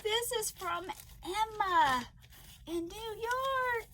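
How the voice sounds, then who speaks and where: A woman crochet vlogger chatting casually to viewers as she opens parcels, gushing and excitable with frequent gasps. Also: very high voice, takes it slowly, heavy background noise. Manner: gushing and excitable, gasping often. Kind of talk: casual unboxing chat to viewers.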